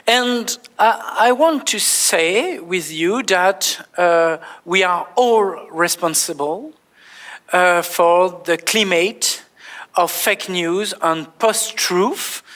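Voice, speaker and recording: A man with a French accent, a native French speaker, giving a conference presentation in halting English full of fillers and restarts. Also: high-pitched, fairly bright tone. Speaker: panel speaker, professor. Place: lecture hall.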